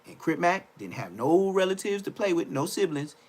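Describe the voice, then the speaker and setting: A young man trash-talking on a livestream, loud and mocking. His pitch swings up and down with lively energy. He keeps repeating phrases and stumbles over his words. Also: moderate pace.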